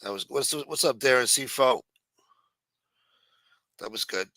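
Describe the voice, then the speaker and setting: A brash man runs a loose livestream, full of profanity and mockery. His voice is bright and forceful, and the recording is close and dry. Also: medium pitch, unhurried, no room sound, low-quality recording. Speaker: livestream host. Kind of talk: casual news commentary on a stream. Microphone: streaming mic.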